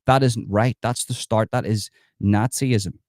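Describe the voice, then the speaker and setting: A man's voice: lowish voice, steady tone, unhurried, darkish tone, no room sound, studio quality. An Irish man hosting a livestream, talking emphatically to his viewers and reading out the chat, with plenty of repetition. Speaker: livestream host.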